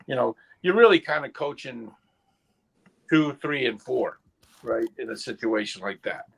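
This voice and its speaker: A middle-aged man on a casual podcast, speaking in halting bursts with many restarts. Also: mid-range voice, lively intonation, gravelly, husky, poor audio. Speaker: podcast co-host, goalkeeper coach. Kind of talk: casual round-table chat.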